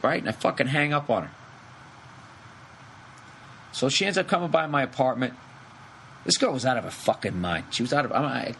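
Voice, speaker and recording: A middle-aged man tells a long comic story on his podcast, swearing freely and talking in quick, animated bursts. His voice sits a little high for a man. A faint hiss runs under the recording. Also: gravelly, low-quality recording. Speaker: podcast host. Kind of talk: rambling comedic storytelling. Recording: faint background noise.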